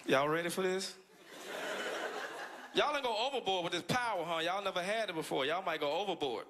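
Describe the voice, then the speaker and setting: A man from the United States doing a stand-up set, animated, jumping into high-pitched act-outs and laughing through his lines. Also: a little fast, slight background noise. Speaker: stand-up comedian. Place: comedy club stage with live audience. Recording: loud crowd laughter in club.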